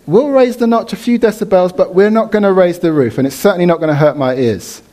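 A man preaching a sermon in church, animated, leading the congregation in reading and response. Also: high-pitched, quick pace.

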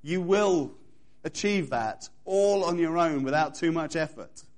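Emphatic preacher man, higher voice. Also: measured pace. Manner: emphatic, repetitive preaching cadence; engages congregation directly. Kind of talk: sermon.

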